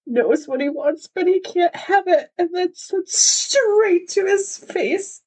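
A woman's voice: extremely high pitch, lively intonation, takes it slowly, hardly any pauses, a little mellow. A young adult woman co-hosting a fan podcast, crying and gushing with laughter through her tears. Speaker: podcast co-host. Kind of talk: excited fan podcast chat.

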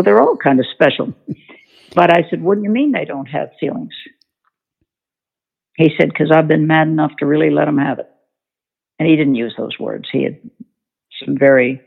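A woman's voice: sits low, vocal fry, husky. A woman, an author on horsemanship, telling a story in an interview in a folksy, emphatic way. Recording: tinny phone-line sound.

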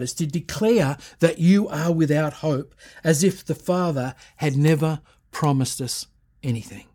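Middle-aged male pastor, slightly high voice, preaching with rising emphasis and reading scripture. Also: measured pace, dark tone. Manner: reads scripture aloud. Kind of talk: sermon.

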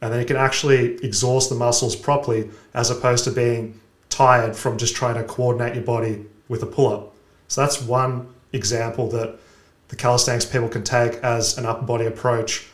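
A man's voice: mid-range voice, level tone, normal speed, echoey room. A man in a casual podcast chat, explaining training in a methodical, instructional way.

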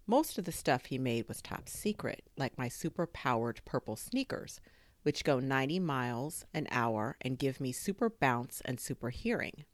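Very low-voiced woman reading a kids' story. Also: moderate pace, dry recording. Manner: expressive, with sound effects. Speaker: story reader. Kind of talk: children's book read-aloud.

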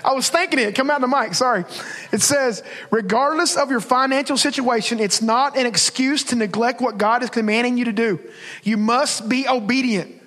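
A man's voice: extremely high pitch, normal speed, a bit bright. A man preaching a casual, emphatic sermon as pastor, talking to the congregation and acting out his prayers to God. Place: church sanctuary. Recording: long reverb of a church hall.

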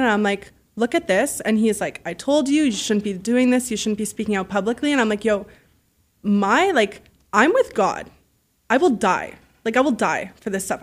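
A woman telling stories as a podcast guest, animated and freely swearing, acting out the voices of people she quotes. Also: mid-range voice. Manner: heavy use of "like" fillers. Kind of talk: casual storytelling.

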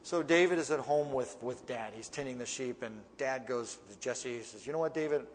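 Guy doing a chatty bible study, mid-pitched voice, echoey hall. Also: moderate pace. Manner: conversational, plain-spoken asides between readings. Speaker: preacher teaching a Bible passage. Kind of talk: casual Bible teaching, reading verses and explaining.

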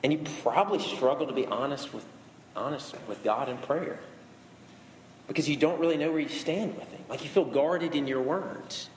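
A man's voice: fairly high pitch, moderate pace, slight background noise. Man, thirties, pastor, emphatic conversational sermon, roomy echo. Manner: conversational, emphatic preaching with repetition. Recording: echoey hall with faint ambience.

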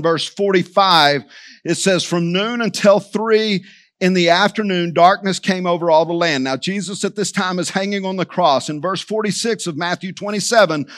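A pastor preaches to his church, and his voice sits high for a man. He drives his points home with repetition, turning again and again to the people in front of him. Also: fairly bright tone. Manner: preaching with emphatic repetition, addressing the church directly. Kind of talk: sermon.

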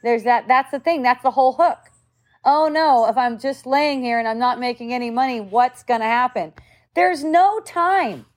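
A middle-aged woman gives a relaxed spiritual talk in a fairly high voice. She muses aloud in a conversational way and drifts into acting out the voices of the people she quotes. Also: normal speed. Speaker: spiritual teacher.

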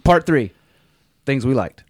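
A man's voice: mid-range voice, expressive, slow. A man hosting a casual podcast chat with friends, leading the segments and swearing freely. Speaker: podcast host.

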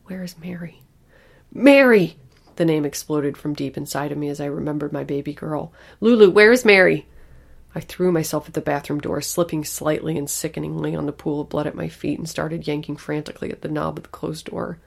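Female horror narrator: gravelly, hushed, breathy delivery. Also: low-pitched, flat delivery, quick pace, few pauses. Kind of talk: scripted horror story narration.

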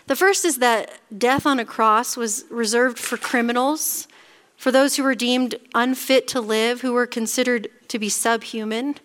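Woman pastor, sermon delivery, earnest, slightly high voice, slows on solemn lines. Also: a bit bright.

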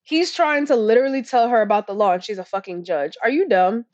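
A woman's voice: on the high side, fast, darkish tone, dry recording. A young woman co-hosting a podcast, chatting casually in a blunt, rambling way with plenty of swearing and fillers. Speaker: podcast co-host. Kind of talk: casual chat. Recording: dull lo-fi recording.

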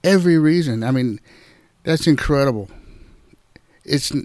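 A man giving an informal devotional talk as a Bible teacher, gentle and repetitive, often addressing listeners as "guys". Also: medium pitch, normal speed, no room sound, clean studio sound.

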